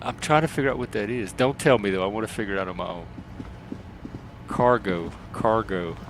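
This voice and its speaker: A man's voice: lowish voice, a little fast, noisy background. A man casually chatting through a gameplay stream and talking to his chat. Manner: rambling, talks to chat.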